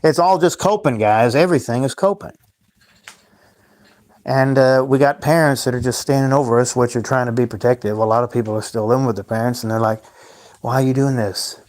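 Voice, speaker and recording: A man runs his own livestream, rambling and ranting at his chat, repeating himself and addressing viewers as guys. His voice is mid-range and brisk with a somewhat dark tone.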